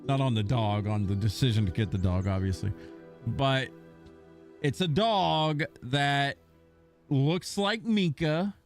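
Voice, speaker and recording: A man's voice: mid-range voice, slow pace. A young man streaming a game, casually telling rambling, profane stories about his dog. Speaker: gaming streamer. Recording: faint music behind.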